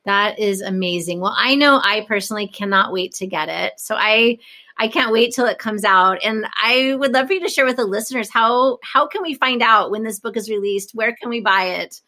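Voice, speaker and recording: A woman's voice: mid-range voice, moderate pace, bright, forceful tone. A woman hosting a podcast, effusive and enthusiastic in a casual interview chat. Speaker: podcast host.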